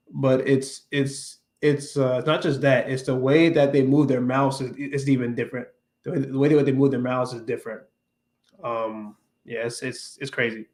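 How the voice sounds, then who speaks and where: Rambling man chatting on a livestream. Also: medium pitch. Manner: rambling, many restarts and fillers, mixing English and Spanish. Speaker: livestream host. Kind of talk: casual chat with viewers.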